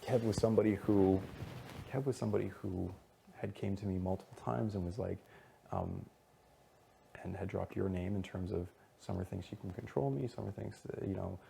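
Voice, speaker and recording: A young man telling an animated, profanity-laced story in casual chat, retelling what others said to him. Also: low-pitched, normal speed, gravelly, slight background noise. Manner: animated, swearing, retelling scenes with asides. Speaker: reality show contestant.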